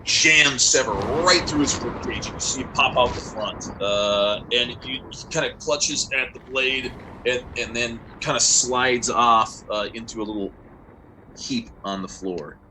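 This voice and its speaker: A man narrating as game master, relaxed and hesitant with frequent fillers. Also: mid-range voice, a little slow. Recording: noisy online call audio.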